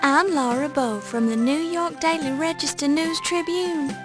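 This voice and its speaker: Plucky young woman reporter, bright-pitched, politely pushy. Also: unhurried, over music. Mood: insistent. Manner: polite but insistent. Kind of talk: 1990s adventure game voice acting.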